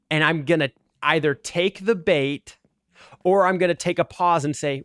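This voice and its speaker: A man's voice: a little high, fairly quick, fairly bright tone, smooth, no room sound, clean studio sound. A man talking earnestly and argumentatively in casual commentary over gameplay, with lots of "like" fillers. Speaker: gaming video creator.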